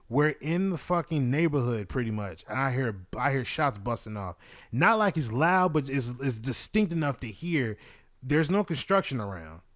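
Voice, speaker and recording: Man, podcast host, casual storytelling, swears a lot, rambles, mid-pitched voice. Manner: profane, rambling, frequent fillers.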